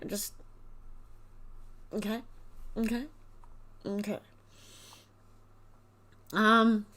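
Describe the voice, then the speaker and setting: An Australian woman hosting a livestream cries as she reads viewer comments aloud in a casual live chat. Her voice is mid-range, and her manner emotional and tearful.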